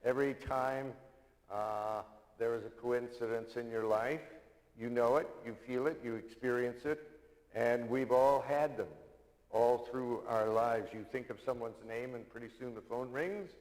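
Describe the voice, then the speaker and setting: A male minister preaching an earnest, uplifting sermon at a middling pitch. His voice rings with a long reverb, as if it fills a church hall. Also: fairly even intonation, measured pace, darkish tone. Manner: tells a joke with put-on Irish voices. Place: church sanctuary.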